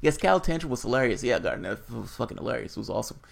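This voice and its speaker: A man's voice: medium pitch, sing-song, racing, creaky. A man hosting casual political commentary on a livestream, reading viewer chat aloud and answering in a blunt, profane, rambling way.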